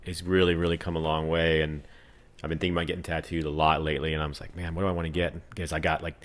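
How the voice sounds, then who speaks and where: A man co-hosting a podcast who works as a tattoo artist, talking in relaxed casual chat and laughing often. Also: rumbling low, racing. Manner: relaxed, laughs often, many fillers and "right" backchannels.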